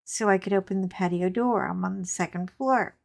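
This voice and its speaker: A woman hosting a crafting channel, chatting casually and telling animated anecdotes with frank asides while she works. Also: medium pitch, fairly quick, vocal fry.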